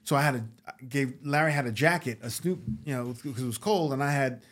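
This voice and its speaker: A man's voice: medium pitch, brisk. A man from New York, an actor and comedian, telling a story as a guest, acting out the voices of the people in it and swearing freely. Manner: animated, acts out quoted voices, swears freely. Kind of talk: casual storytelling.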